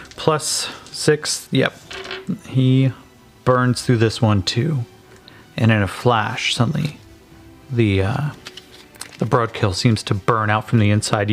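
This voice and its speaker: A man narrating and playing a solo tabletop game, calling dice rolls casually and swearing now and then. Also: mid-range voice.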